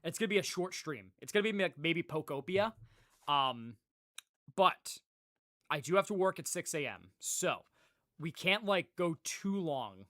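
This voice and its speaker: Lively young man rambling to his stream. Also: fairly high pitch, a little slow. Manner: animated, rambling, swears freely, laughs often. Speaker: livestreamer. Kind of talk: casual chat with live viewers.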